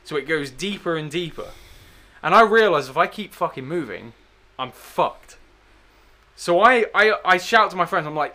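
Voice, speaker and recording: A young man telling a story in casual chat, with a lot of swearing, animated and mocking himself. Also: fairly high pitch, moderate pace. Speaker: podcast guest storyteller.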